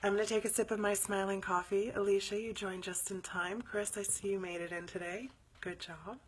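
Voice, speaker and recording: A woman hosting a live spiritual show, telling a story in a chatty, animated way and sometimes dropping to near whispers before leading a meditation. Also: mid-range voice, brisk, slight background noise.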